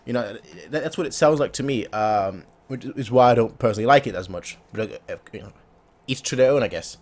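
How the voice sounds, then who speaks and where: A man's voice: medium pitch, brisk. A man hosting a reaction video, giving casual commentary and often stammering and restarting his sentences.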